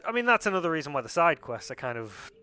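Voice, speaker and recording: An easygoing man chats about a game he knows well. His voice sits a bit high, with lively pitch and a bright tone. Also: smooth. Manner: easygoing, quick to laugh. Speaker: co-host. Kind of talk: casual gameplay commentary.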